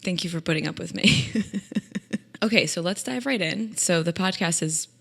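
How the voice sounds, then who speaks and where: A woman's voice: lowish voice, moderate pace, creaky, a bit bright. A young adult woman hosting a podcast, telling funny personal stories in a chatty, self-mocking way and laughing often. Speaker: podcast host. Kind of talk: comic personal storytelling.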